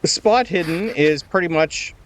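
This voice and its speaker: A man narrating as game master of a tabletop game, explaining rules in a relaxed way with fillers. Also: a little high, a little slow, background noise.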